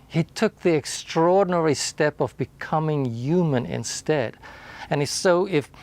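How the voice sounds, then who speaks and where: Slow, deliberate male pastor. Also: fairly high pitch. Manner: deliberate, emphatic delivery that drops to a quiet close. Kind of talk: short recorded sermon.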